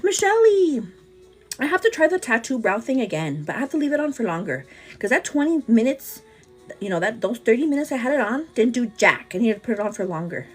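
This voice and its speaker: A woman's voice: fairly high pitch, sing-song, breathy edge, faint music behind. A woman in her thirties chatting casually with a livestream audience while doing her makeup, talking openly in a friendly, rambling way. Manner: chatty, says "girl" often, quick asides. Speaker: vlogger answering live chat.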